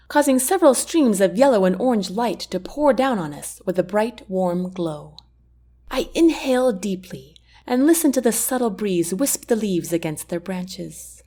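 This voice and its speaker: A woman reading a first-person romance audiobook in an expressive storytelling manner. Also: mid-range voice. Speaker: audiobook narrator.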